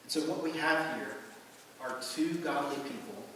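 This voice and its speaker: A man's voice: a little high, moderate pace, background noise. A man in his forties giving a sermon, telling a personal story in a casual, conversational way with plenty of asides and fillers. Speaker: pastor. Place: large church hall. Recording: roomy hall reverb from a distant mic.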